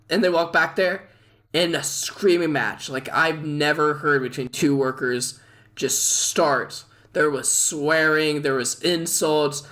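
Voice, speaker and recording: A man's voice: on the high side, normal speed. A young man vlogging, rambling through a work story with lots of fillers and laughter. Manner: rambling, animated retelling with frequent fillers and laughs. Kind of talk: casual storytelling.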